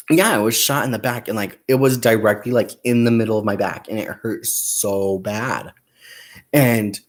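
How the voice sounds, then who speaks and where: With a fairly low pitch, a young crafting channel host chats casually on a livestream while crocheting. He tells stories, laughs plenty, counts his stitches aloud, and calls his audience "you guys" and "y'all."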